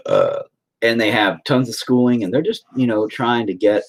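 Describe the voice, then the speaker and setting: Speaking at normal speed in a medium-pitched, gravelly, husky voice, a man hosts a casual phone livestream from his home as a painter. He wanders from story to story, cursing freely along the way.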